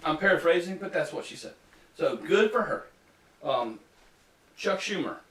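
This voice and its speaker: Man, podcast host, sarcastic, a touch high, echoey room, set back from mic. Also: animated, moderate pace, fairly bright tone, recorded from a distance. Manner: sarcastic, mocking. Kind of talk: casual political chat, reading quotes aloud.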